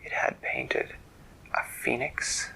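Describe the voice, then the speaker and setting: A man's voice: slow, low-quality recording. Man whispering a bedtime story. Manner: soft, hushed, gently explaining.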